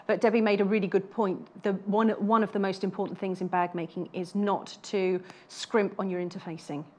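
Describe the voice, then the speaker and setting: A woman's voice: medium pitch, level tone, fairly quick, a little mellow. A woman explaining her bag-making samples step by step on a TV shopping craft show. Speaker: guest bag maker.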